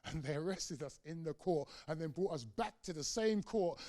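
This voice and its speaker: In a lecture hall, a middle-aged guest lecturer with a fairly high voice tells a lively personal story at a moderate pace with few pauses, acting out the voices in it. His loudness varies widely, and the recording is dry.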